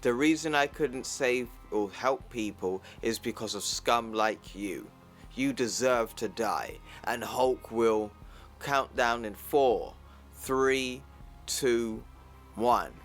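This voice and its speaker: A man voicing a stern scientist-soldier who becomes the Hulk, read plainly in an unhurried way, with soft music behind. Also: mid-range voice, lightly acted. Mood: angry. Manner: read plainly like recap narration.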